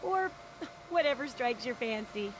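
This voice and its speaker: An actress voicing a cheerful, eccentric shopkeeper and researcher who talks in an eager, chatty way. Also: female voice, a little high, lively intonation, measured pace, rough recording. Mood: bubbly.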